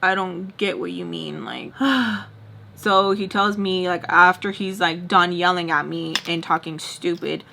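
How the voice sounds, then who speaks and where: A woman's voice: lowish voice, vocal fry, slight background noise. A woman vlogger telling a story casually, acting out both sides of the arguments. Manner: fast animated retelling, acts out both sides of arguments. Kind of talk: casual storytime, quoting others.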